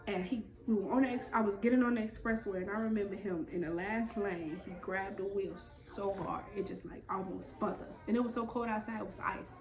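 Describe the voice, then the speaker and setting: A woman's voice: mid-range voice, fairly quick, hardly any pauses, darkish tone, roomy sound. A woman candidly telling her own story in a raw, emotional, profane way, as a vlog co-host.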